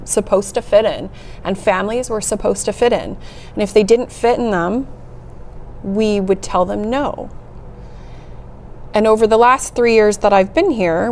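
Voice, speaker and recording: A middle-aged woman speaks as an interview guest at a mid-range pitch, earnest and heartfelt as she tells her story. Soft laughs slip in now and then. A faint hiss of noise sits under her voice. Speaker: executive director, interview guest. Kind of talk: conversational interview.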